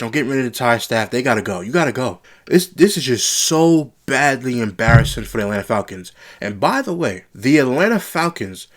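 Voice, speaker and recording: A man's voice: medium pitch, very animated, brisk, few pauses. Young male sports commentator, solo reaction, blunt exasperated rant, mid-range voice.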